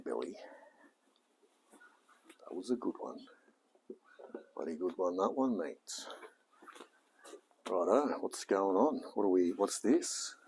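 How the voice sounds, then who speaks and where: An Australian hobby mechanic live-streams a car repair, joking around, chatting casually, and muttering to himself as he works. His voice is on the low side and a little mellow, with slight background noise.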